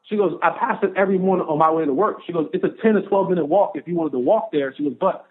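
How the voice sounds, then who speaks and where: A man in his thirties, a guest on a podcast, telling a personal story in an animated way and acting out the voices of the people in it. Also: high-pitched, fast, hardly any pauses. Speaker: podcast guest, former pro football player. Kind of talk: storytelling in an interview. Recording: narrow phone-like sound.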